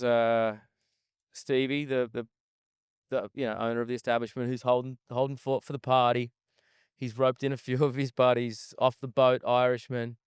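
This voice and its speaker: A man with a smooth, clear voice of middling pitch tells a rambling, profane story as a guest chef. The sound is close and dry, with no room around it. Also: dry recording. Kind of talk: casual storytelling in an interview. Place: outdoor desert festival camp.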